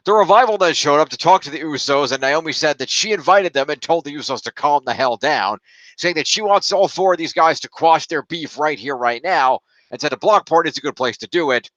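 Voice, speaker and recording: A man's voice: a little high, brisk, fairly bright tone, no room sound, dull audio. A man co-hosting a casual podcast, rambling and tallying up points as he talks. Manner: rambling, counts points aloud, trails off while looking things up. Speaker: podcast co-host scoring a fantasy league. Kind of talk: casual chat.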